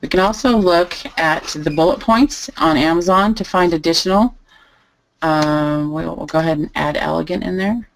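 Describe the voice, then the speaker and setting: A woman teaching a live online lesson, calmly thinking aloud as she types through each step. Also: on the low side, moderate pace, a little hiss or hum, poor audio. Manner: relaxed, thinking aloud while typing. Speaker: online selling instructor. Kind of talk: live screen-share tutorial.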